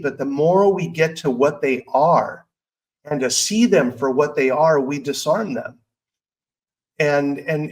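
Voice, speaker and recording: A man's voice: fairly high pitch, rough recording. A middle-aged man hosting a personal growth podcast, speaking earnestly and candidly in a conversational way. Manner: earnest, candid, conversational with self-talk asides. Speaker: podcast host. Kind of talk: personal motivational talk.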